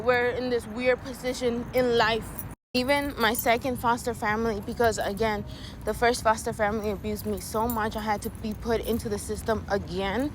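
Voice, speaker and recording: Young woman, from Latin America, fiery vlog rant, frequent swearing, fighting back tears, slightly high voice. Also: fairly even intonation, moderate pace, noisy background. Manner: frank, heated, swears often. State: near tears. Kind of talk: emotional personal vlog rant.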